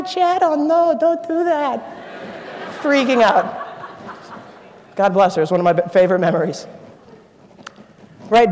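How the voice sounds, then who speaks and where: High-voiced young man in echoing hall. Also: a little mellow. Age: 20s. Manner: earnest personal storytelling, emphatic repetition. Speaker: keynote speaker, engineering student. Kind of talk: motivational speech. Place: conference auditorium stage. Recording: long reverb of a large hall.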